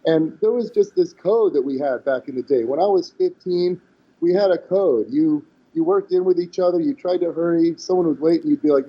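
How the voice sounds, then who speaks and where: A slightly high, slightly rough male voice moves a little fast on a dull lo-fi recording. He's in his forties, a guest on a podcast, animatedly telling stories in casual talk, acting out the quotes, and restarting frequently.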